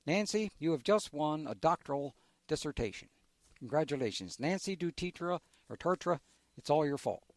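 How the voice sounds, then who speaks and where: A man's voice: a little high, lively intonation, moderate pace, no echo. A man hosting a radio interview, playful and teasing in casual chat. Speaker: radio host.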